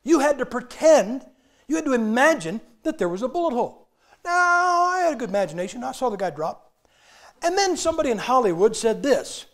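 An older man with a high, light voice preaching in a church. He tells stories in a folksy, joking way and acts out the scenes he describes, then settles into an earnest sermon. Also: big pitch swings, brisk. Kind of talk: humorous sermon storytelling.

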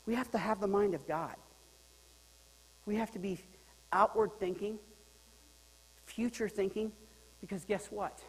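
High-voiced pastor in a reverberant hall. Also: male voice, measured pace, pauses often. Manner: lively, joking, swings from loud to quiet. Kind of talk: sermon. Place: church sanctuary.

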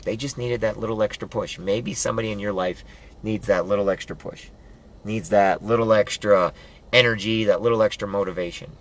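A man giving a loud, preachy motivational pep talk, hammering home rallying commands and building up to yelling. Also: fairly low pitch, steady tone, fairly quick. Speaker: motivational vlogger.

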